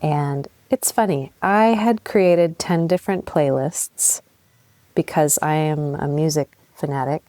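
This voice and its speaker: A woman's voice: low-pitched, unhurried, dry recording. A young adult woman hosting a podcast, telling a candid personal story with laughs and blunt swearing. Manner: candid and animated, swears freely, laughs at herself. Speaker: podcast host.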